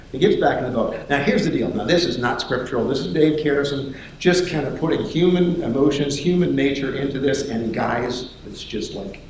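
A man preaching a sermon as lively storytelling, acting out the voices of the people in his story. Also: medium pitch, slight background noise. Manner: animated storytelling, acts out voices. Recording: echoey hall.

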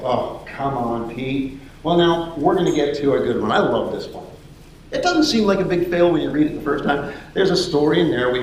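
Animated preacher in an echoing hall. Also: male voice, mid-range voice, a little hiss or hum. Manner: animated storytelling, acts out voices. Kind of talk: sermon. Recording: echoey hall.

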